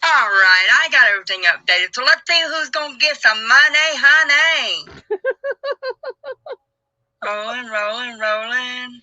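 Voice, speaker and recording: Bright, lively woman hyping a giveaway. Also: a little high, no room sound, highs cut off. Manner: hyped and playful, rapid patter. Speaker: sponsoring vendor. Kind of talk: recorded giveaway announcement.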